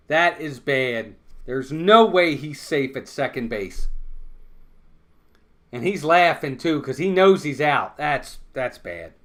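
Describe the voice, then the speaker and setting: A man's voice: mid-range voice, a bit bright. A man hosting a fan watch-along stream, calling baseball play-by-play and insisting on his points over and over.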